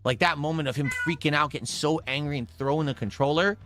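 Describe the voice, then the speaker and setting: A man in casual chat, rambling through an animated story as a podcast co-host. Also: on the high side, fast talker, soft background music.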